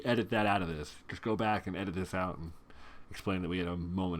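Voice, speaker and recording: A male gaming host talks through his own card game in a relaxed, lowish voice. He groans at bad draws and drops wry, self-mocking asides. It sounds like a home desk mic over screen capture. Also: a little fast, slight background noise. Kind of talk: casual gameplay commentary.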